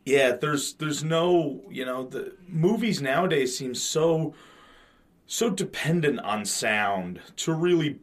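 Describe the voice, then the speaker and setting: A man's voice: fairly high pitch, animated, takes it slowly. A man in his thirties co-hosting a podcast, chatting casually about a movie with swearing, fillers and restarts. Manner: profane, rambling, frequent fillers and restarts. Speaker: podcast co-host. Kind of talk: casual movie commentary chat.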